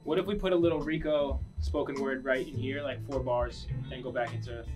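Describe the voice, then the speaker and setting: A man in a casual songwriting session, giving directions and pitching lyric ideas in an upbeat manner. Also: steady tone, a little fast. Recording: guitar music playing behind.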